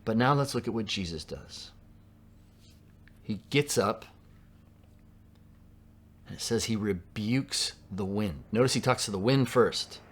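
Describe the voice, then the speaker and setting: A man with a fairly low voice delivers a sermon in an easy, conversational tone. He is from Southern California and sometimes drops to a soft hush when he quotes someone. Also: lively intonation, unhurried, pauses often, slightly rough. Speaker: pastor.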